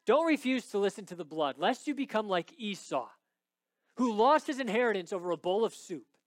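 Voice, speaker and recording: A man preaching a sermon, swinging between hushed, intimate lines and loud, emphatic ones. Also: high voice, animated, fairly quick, dry recording. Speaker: pastor.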